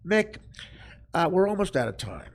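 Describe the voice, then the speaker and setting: A man doing an impression of an older baseball announcer asking measured interview questions. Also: sits high, very animated, voice pushed up. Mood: polite. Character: old male baseball broadcast announcer.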